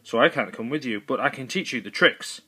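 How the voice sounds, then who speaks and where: A man voicing a solemn male warrior mentor who speaks slowly and formally. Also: mid-range voice, bright, forceful tone, slightly rough.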